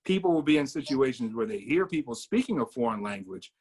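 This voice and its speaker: An American man talking casually in a discussion, at an ordinary middle pitch. He thinks out loud, circling back and restarting his sentences. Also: sing-song, fairly quick, slightly rough. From United States. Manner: thinks aloud with restarts and hedging fillers. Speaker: discussion participant.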